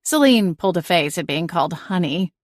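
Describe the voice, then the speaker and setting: A woman reading a first-person audiobook narration in an even, measured storytelling way. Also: on the low side, dry recording, studio quality.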